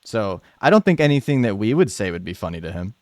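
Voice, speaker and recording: A man's voice: on the low side, very animated, fast talker, darkish tone, dry recording, clean studio sound. A man hosting a live debate stream, talking in a laid-back, casual way with many filler words. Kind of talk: casual chat.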